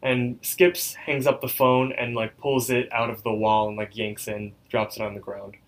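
A man's voice: medium pitch, flat delivery, moderate pace. A young man co-hosting a podcast, chatting casually as he recaps a cartoon episode, with lots of likes and ums. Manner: loose recapping with many fillers. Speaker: podcast co-host.

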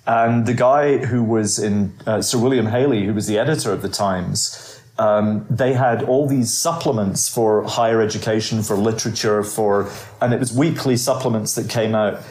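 A man's voice: fairly low pitch, normal speed, a little mellow. Interview guest, male, sixties, Scottish-raised storyteller; roomy room sound. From Scotland. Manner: long anecdotal answers with wry asides. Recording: roomy echo.

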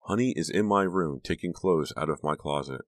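A man's voice: extremely low pitch, brisk, no echo, studio quality. A man voicing an uneasy, irritated teenage girl who stammers and mutters.

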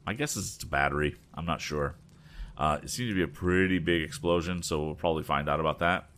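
A man reading a story aloud with relaxed, chatty asides. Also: fast. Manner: voices the boys' lines with raised pitch. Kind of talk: casual read-aloud narration with asides.

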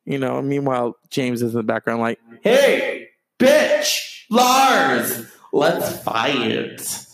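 A man's voice: mid-range voice, dry recording. A man hosting a podcast, chatting casually in a rambling, profane way and swearing freely. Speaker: podcast host. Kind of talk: casual chat.

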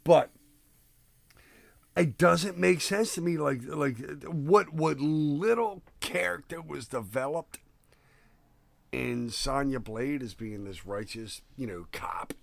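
A man's voice: a little high, slow, vocal fry, dry recording. A man co-hosting a film podcast, joking around and swearing in casual chat. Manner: animated, profane, joking riffs. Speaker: podcast co-host.

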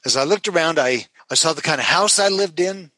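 A middle-aged man recounts a personal journey as a podcast guest, performing each quoted line with vivid shifts. His voice sits fairly high and rings bright. The sound is dry and close. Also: animated, a little fast, no echo, poor audio. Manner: dramatic, acts out quotes with shifting pitch. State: emotional. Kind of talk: animated storytelling.

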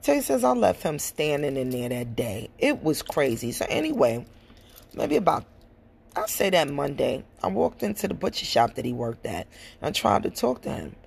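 A woman's voice: deep voice, very animated, moderate pace, creaky, a little mellow, slight background noise. A woman hosting a podcast, telling a personal story bluntly and with frank profanity. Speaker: podcast host. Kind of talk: casual storytelling monologue.

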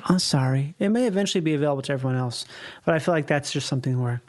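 His voice is on the high side with a darkish tone, and he races along animatedly. It's his own podcast, a casual one-man monologue full of rambling, profanity, and frequent chuckles between phrases.

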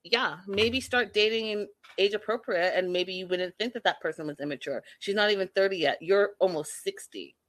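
A woman hosting a casual live-stream recap of a reality show, talking to viewers in a sassy, animated, exasperated way. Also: mid-range voice, normal speed, hardly any pauses, no room sound.

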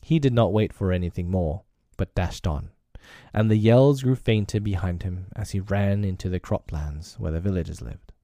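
A man narrating a classic story in a measured, expressive reading. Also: sits low, no echo.

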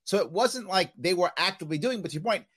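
Animated, opinionated male podcast host. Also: high-pitched, fast, slightly rough. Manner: animated, opinionated, repeats "right?". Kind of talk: casual conversational interview.

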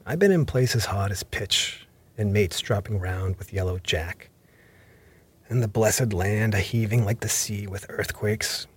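A man voicing an ailing old sea captain who pleads and curses in rough sailor talk, in an audiobook reading. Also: on the low side, a little slow. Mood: gruff. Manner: coaxing, then gruff and rough-spoken.

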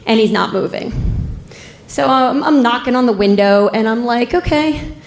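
A woman, a police officer, telling a story in an unhurried, wry way and laughing at the grim parts. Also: on the high side. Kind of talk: casual spoken storytelling. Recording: roomy echo.

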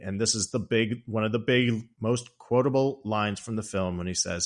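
A man with a somewhat low voice hosts a casual film podcast. He retells the scenes with animated energy. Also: normal speed, hardly any pauses. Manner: animated storytelling, acts out quotes. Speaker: podcast host.

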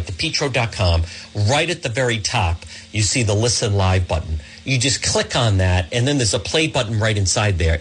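A man's voice: medium pitch, fairly bright tone. A man hosting a talk radio show from a studio, rambling in a chatty way and often calling his listeners "folks.".

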